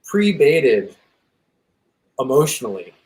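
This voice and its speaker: A man hosting a podcast, talking through ideas in a relaxed conversational way, searching for words and repeating phrases as he thinks. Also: medium pitch, slow pace, low-quality recording. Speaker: podcast host. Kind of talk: casual conversation.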